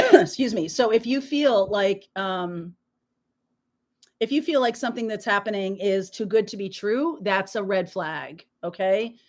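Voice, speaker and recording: A woman's voice: mid-range voice, measured pace, darkish tone. A woman hosting a live tarot reading, talking to her viewers in a reassuring, emphatic way while nursing a sore throat. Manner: reassuring, emphatic, peppered with "okay?". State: sore throat, frequent throat-clearing. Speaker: tarot reader, live stream host.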